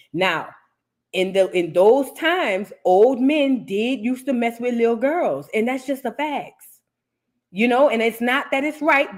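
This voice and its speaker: A woman who hosts a celebrity gossip reaction show and talks straight to her viewers in a chatty, casual way. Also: medium pitch. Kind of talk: casual commentary.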